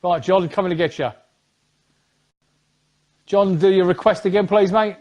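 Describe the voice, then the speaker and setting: A man's voice: high-pitched, fairly even intonation, normal speed, darkish tone, muffled recording. A man with an English accent hosting a casual live football chat stream, chatty and joking. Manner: chatty, jokey, upbeat. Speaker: host.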